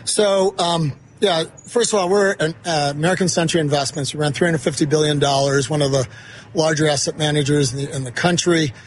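A man with a somewhat high voice talks in a loose, chatty way, piling up fillers as he tells stories. A faint hum of ambience sits behind him. He is a company boss sitting in as a guest on a broadcast. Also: fairly even intonation, a little fast. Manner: chatty, storytelling with many fillers. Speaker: investment firm CEO, guest. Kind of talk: casual interview at a golf tournament. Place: outdoor broadcast studio at a golf event.

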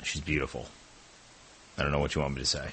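A man's voice: very deep voice, little pitch movement, fast talker, bright, forceful tone, slightly rough. A man co-hosting a sports radio show, answering in a dry, matter-of-fact way. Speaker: radio co-host. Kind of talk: casual sports talk radio.

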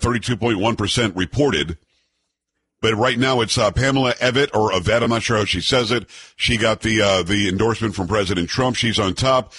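A man's voice: lowish voice, a bit bright, breathy edge. A man hosting a solo political commentary show, blunt and sarcastic, reading news items aloud and adding his own opinions.

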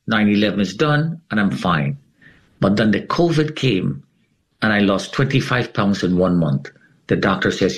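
A middle-aged man with a husky, rather low voice recounts his own story as an interview guest. He tells it dramatically, with his pitch leaping and falling, and this is an emotional personal testimony rather than a scripted talk. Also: lively intonation, moderate pace, poor audio.

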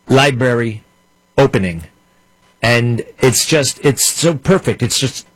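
A man's voice: mid-range voice, breathy edge, no room sound, poor audio. A man hosting a radio talk show, delivering an opinionated monologue with sarcastic, mocking asides.

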